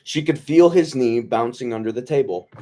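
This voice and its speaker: A man reading a novel aloud to his book club in a relaxed way, stumbling over words, rereading lines and tossing in joking asides. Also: mid-range voice, normal speed. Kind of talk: casual read-aloud of a novel.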